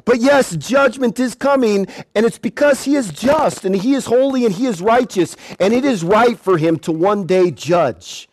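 A male preacher giving an animated evangelistic sermon at an outdoor gathering, repeating words and shouting at times. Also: high-pitched, moderate pace, few pauses, no room sound.

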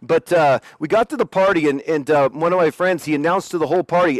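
Young man, personal testimony, animated and self-mocking, higher pitch, dry recording. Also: fast, few pauses, dry recording. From Oregon, USA. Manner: lively, self-deprecating, acts out quotes. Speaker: speaker sharing his faith testimony.

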